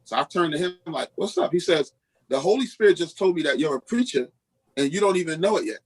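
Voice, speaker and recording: Husky-voiced man telling his story. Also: a little high, quick pace, poor audio. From Queens, New York. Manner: lively storyteller who acts out quoted dialogue. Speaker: pastor, podcast guest. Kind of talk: personal testimony storytelling.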